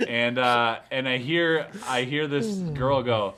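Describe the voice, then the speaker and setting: A young man from Canada, co-hosting a casual podcast and telling stories in an animated way, swearing freely. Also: mid-range voice, slow pace, few pauses, slight background noise. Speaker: podcast co-host. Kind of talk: casual chat.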